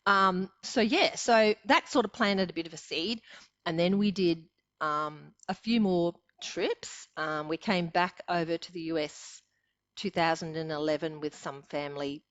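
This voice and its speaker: A woman's voice: fairly low pitch, a little slow, a bit bright, dry recording, lo-fi sound. An Australian woman in her sixties, a podcast guest telling her stories in a chatty way and laughing often. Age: 60s. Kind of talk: casual storytelling.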